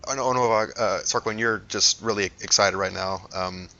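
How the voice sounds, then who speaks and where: A man narrating a tabletop game as game master, halting and full of fillers as he describes scenes. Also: lowish voice, fairly even intonation, bright, forceful tone. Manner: hesitant, lots of ums and restarts while describing scenes. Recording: dull lo-fi recording.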